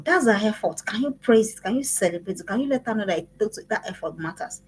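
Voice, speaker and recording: A woman teaching a class for parents, talking in an emphatic, repetitive, preaching way with a husky voice. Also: mid-range voice, expressive, normal speed, low-quality recording. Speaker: parenting coach.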